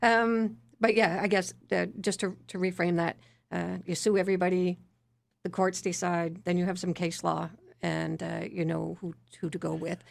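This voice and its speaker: A woman's voice: fairly low pitch, moderate pace, creaky. A woman city councillor answering on a radio panel in a casual way, and she is losing her voice. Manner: casual, laughs lightly, relaxed delivery.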